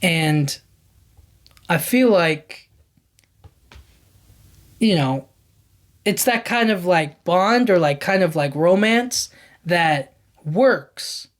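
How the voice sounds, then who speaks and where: A man's voice: high voice, lively intonation, very slow, long pauses. A man hosting a podcast, casually recapping a movie in a rambling, enthusiastic way, filling his talk with "like" and "you know what I mean". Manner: enthusiastic about scenes. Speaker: podcast host.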